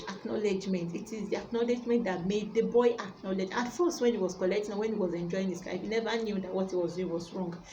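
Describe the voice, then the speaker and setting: Warm-voiced woman preaching a sermon. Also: medium pitch, a little hiss or hum, rough recording. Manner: emphatic and repetitive, addressing listeners directly. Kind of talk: sermon with a retold Bible story.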